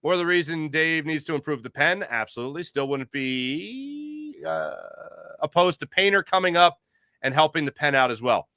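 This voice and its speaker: A man's voice: fairly high pitch, normal speed, dry recording, studio quality. A man hosting a casual sports podcast livestream and reading out the chat with jokey, rambling energy. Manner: animated, jokey, rambling with restarts.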